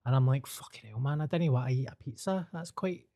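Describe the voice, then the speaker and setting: A man's voice: medium pitch, brisk, warm tone. Laid-back Glaswegian man, dry anecdotes. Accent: Glaswegian Scottish. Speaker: podcast co-host. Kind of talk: casual comedy chat.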